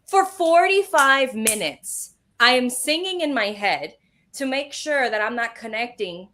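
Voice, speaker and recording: A woman guest, a medium, telling a personal story in a casual interview, animated and sprinkled with swearing. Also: fairly high pitch, moderate pace.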